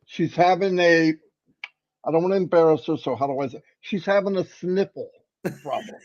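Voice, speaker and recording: A man co-hosting a casual livestream, playfully teasing people in a voice that sits on the higher side. His sound comes through a muffled video-call line. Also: normal speed, darkish tone. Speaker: livestream co-host.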